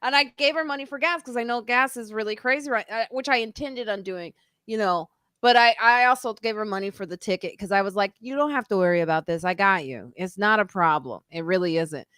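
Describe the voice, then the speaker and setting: A woman's voice: medium pitch, a little fast, a bit bright, clean tone, dry recording, studio quality. A woman hosting a podcast, telling a story in casual chat and acting out the quotes with big jumps in her voice. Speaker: podcast host.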